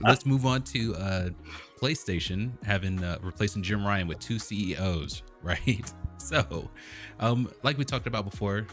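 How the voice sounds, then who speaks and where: Deep-voiced laid-back male podcast host. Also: a bit bright. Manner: laughs often, easygoing. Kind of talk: casual chat.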